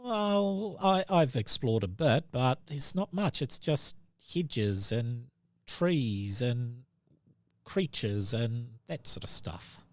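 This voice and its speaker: A man voicing a forgetful, dazed old male gnome hermit in a tabletop game, stammering and rambling in a raised, lively voice. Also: medium pitch, slow, dry recording, studio quality. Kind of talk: tabletop role-play character voice.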